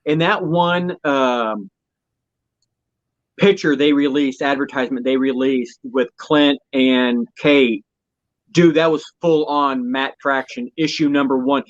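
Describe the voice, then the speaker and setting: A man co-hosting a podcast in casual chat, excitable and gushing, swearing now and then. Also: mid-range voice, slow pace. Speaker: podcast co-host. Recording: dull lo-fi audio.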